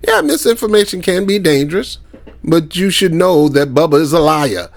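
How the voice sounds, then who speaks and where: A man's voice: fairly high pitch, expressive, normal speed. Heated, slangy man ranting on camera. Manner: heated, slangy, mocking, with laughs and anecdotes. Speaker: commentary channel host. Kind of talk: casual ranting commentary.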